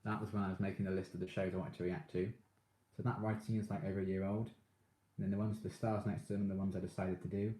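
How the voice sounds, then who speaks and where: A man's voice: low voice, flat delivery, quick pace, mellow, roomy sound. A man chatting casually on a live stream, reading out viewer comments and gushing about his favourite shows with frequent laughs.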